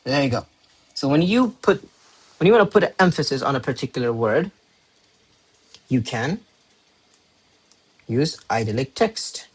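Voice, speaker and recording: Husky-voiced male English teacher. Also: medium pitch, animated, a little slow, long pauses. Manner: repeats key words, thinks aloud while typing examples. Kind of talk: explaining essay writing to students.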